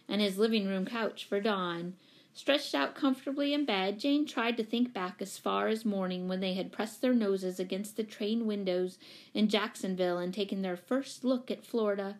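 A woman reading a children's novel aloud in a calm, even storytelling voice. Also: mid-range voice. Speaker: audiobook reader.

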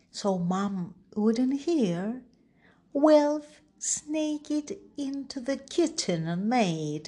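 A woman reading a children's story aloud, expressive and lingering on words. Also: a little high. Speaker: storybook reader. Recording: music playing underneath.

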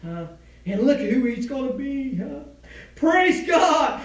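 A man preaching a sermon in a chanting cadence, tagging lines with "huh?" and swinging from low murmurs to shouted peaks. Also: big pitch swings, slow pace. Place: church. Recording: echoey room from far off.

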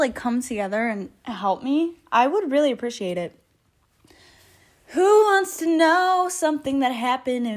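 A young woman with a high, bright-sounding voice rambles through a casual solo podcast, giggling and swearing freely. The sound is close and dry, with no room around it. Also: no echo. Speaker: podcast host. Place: parked car.

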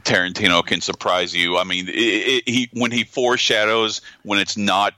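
Man, low pitch and a dry sound, podcast host, halting recap. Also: steady tone, bright, forceful tone, no room sound. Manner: halting, restarts and searches for words. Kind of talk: casual film chat.

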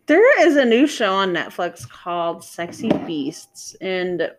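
A woman chatting casually, giggly and quick to laugh. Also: on the low side. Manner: giggly and animated, laughs often. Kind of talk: casual chat.

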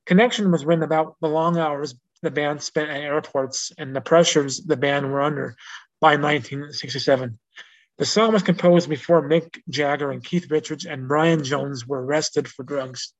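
A man with a slightly high voice hosts a casual solo podcast about music history, reading notes aloud and wandering off into asides with restarts. The recording sounds dull and lo-fi. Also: fairly even intonation, normal speed. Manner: rambling, with restarts and self-corrections; reads out notes in a plain informational way. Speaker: podcast host.

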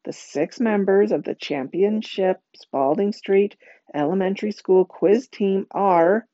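A woman voicing an eager male teacher, excited and theatrical, with dramatic pauses. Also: on the low side, dull audio, lightly acted.

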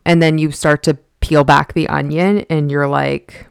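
A woman with a low, smooth voice talks through a casual podcast monologue, blunt and exasperated. She swears freely as she vents. The close mic sounds dry, with no room around it. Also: fairly even intonation, moderate pace, hardly any pauses, no room sound. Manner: frank, exasperated venting with swearing. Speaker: podcast host.

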